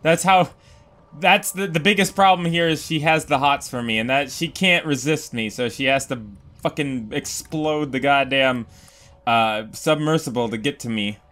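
A man doing excitable, profane game commentary, yelling and joking at the enemies on screen. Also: on the high side, normal speed. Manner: profane, jokey. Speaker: let's play gamer.

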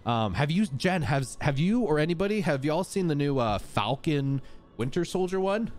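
An upbeat, chatty man streams a game live and talks casually with his viewers. His pitch swings widely and keeps his delivery lively. Faint music plays softly behind him. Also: normal speed.

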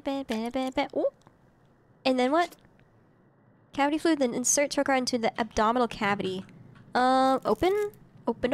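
High-voiced giggly woman streamer. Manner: giggly, scattered, reads game text aloud and chats with viewers. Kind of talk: casual game commentary.

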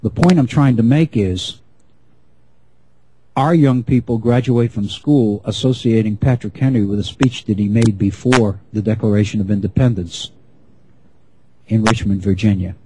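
A middle-aged man giving an unscripted history lecture, measured and often restarting his phrases. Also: on the low side, mellow, a little hiss or hum, low-quality recording.

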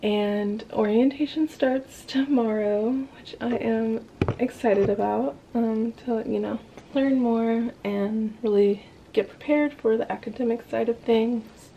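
A young woman talks to her camera in a relaxed, chatty vlog, giggling and swearing casually. Her voice sits a little high and her pace is slow and easy. A faint hiss of ambience sits under the recording. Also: vocal fry, highs cut off. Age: young adult. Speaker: vlogger. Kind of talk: casual travel vlog chat.

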